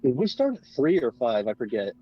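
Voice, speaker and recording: A man's voice: medium pitch, wildly swooping pitch, fairly quick, slightly rough. A man playing a tabletop game, eager and jokey in casual chat. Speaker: player. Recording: dull lo-fi sound with faint music.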